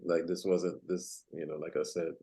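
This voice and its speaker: A man's voice: deep voice, little pitch movement, moderate pace, warm tone, slightly rough. A man co-hosting a casual podcast chat, laid-back, repeating himself and laughing a lot. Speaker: podcast co-host.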